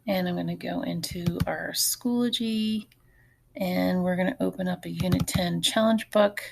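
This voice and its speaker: A woman teacher giving an online phonics lesson, patient and slow, often repeating words. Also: fairly low pitch, fairly even intonation, creaky, darkish tone, slight background noise.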